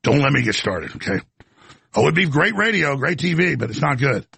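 A middle-aged man hosting a talk radio show, ranting about politics and swinging between shouting and muttered apologies. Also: mid-range voice, sing-song, fairly quick, gravelly, husky, no echo. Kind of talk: heated political radio monologue.

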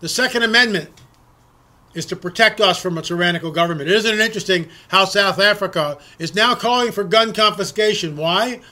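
Quick and sharp, this high-sitting male voice belongs to a political commentator addressing his audience. His monologue is emphatic, and he frequently repeats words and starts sentences over.

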